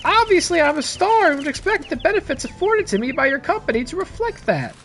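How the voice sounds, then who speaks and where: A pompous high-pitched diva chick. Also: female voice, sing-song, fairly quick, a bit bright, slight background noise, full character voice. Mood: haughty. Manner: pompous, putting on airs, theatrical. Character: haughty diva bird mascot, small female chick. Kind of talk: let's play dialogue read-aloud.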